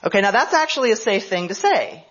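A woman's voice: medium pitch, very animated, fast, slightly rough. Woman lecturing on history, lo-fi radio. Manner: storytelling, explanatory, checks in with "right?". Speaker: history professor. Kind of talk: conference lecture. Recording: slightly dull lo-fi radio broadcast.

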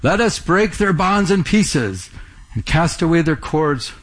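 A man's voice: a little high, animated, unhurried. A man pastor preaching a verse-by-verse sermon in a conversational way, often repeating words and asking the congregation questions.

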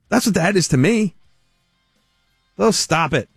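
A man's voice: sits high, animated, unhurried, gravelly, husky, no room sound, studio quality, faint music behind. A man hosting a talk radio show, delivering a blunt, exasperated opinion monologue.

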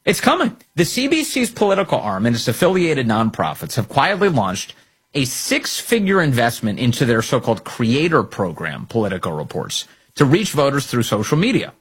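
A husky-voiced man hosting a political commentary monologue, his delivery sarcastic and mocking. His pitch swings widely as he hammers his points with emphatic stress. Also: wildly swooping pitch, normal speed. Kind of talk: opinion monologue.

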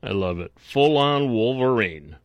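A man hosting a call-in radio show, talking bluntly with many restarts and quick bursts. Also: mid-range voice, big pitch swings, dry recording, lo-fi sound. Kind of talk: talk radio chat.

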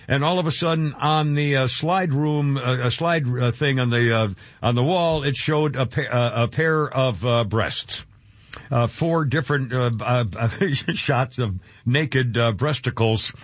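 A man's voice: mid-range voice, a bit bright, dry recording. A male radio host talks through news items in a loose, rambling way, stumbling over words and filling the gaps with "uh". His voice sounds dry and close. The sound is slightly dull. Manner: rambling, stumbles with many fillers. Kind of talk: casual talk radio chat. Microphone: studio mic.

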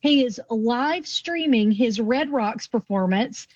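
A woman's voice: fairly high pitch, animated, slow pace, a little mellow, no echo, muffled recording. A woman co-hosting a country music news segment, chatty and teasing. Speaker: entertainment news co-host. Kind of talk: casual chat.

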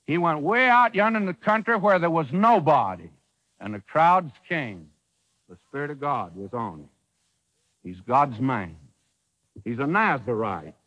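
Preacher man on old radio, high voice jumping all over, big hall echo. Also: pushed and bright, muffled recording. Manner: preaching with folksy wording and dramatic quotes. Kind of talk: sermon.

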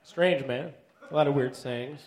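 A man in his thirties delivering stand-up one-liners in a deadpan way, with filler "uh"s. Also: mid-range voice, measured pace. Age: 30s. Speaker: stand-up comedian.

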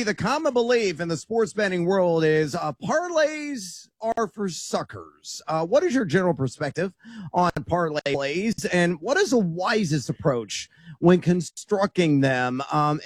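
A man's voice: high voice, very animated, normal speed, dry recording, clean studio sound. A man co-hosting a sports betting radio show, explaining betting terms and teasing the guest playfully.

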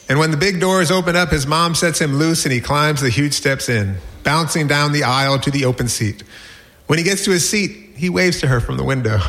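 A man in his forties reading a personal essay aloud with wry, lively storytelling. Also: fairly high pitch. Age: 40s. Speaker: narrator.

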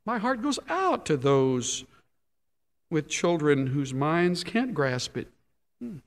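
Slow, emphatic preacher in a reverberant hall. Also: male voice, big pitch swings. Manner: emphatic, swinging widely in loudness and pitch. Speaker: pastor. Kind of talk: sermon.

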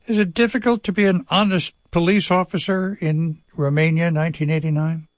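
A man's voice: on the high side, fairly even intonation, fairly quick, no room sound. Polished male radio host. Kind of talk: broadcast interview.

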